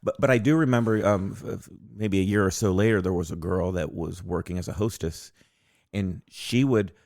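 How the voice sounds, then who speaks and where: Deep gravelly man, laid-back podcast chat. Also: no room sound, studio quality. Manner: relaxed, hesitant with fillers. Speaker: podcast co-host. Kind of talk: casual storytelling chat.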